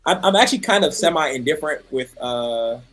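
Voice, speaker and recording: A man's voice: fairly high pitch, expressive, brisk, fairly bright tone. A man co-hosting a casual fantasy football podcast, talking hesitantly with many restarts and steering the discussion. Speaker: podcast co-host.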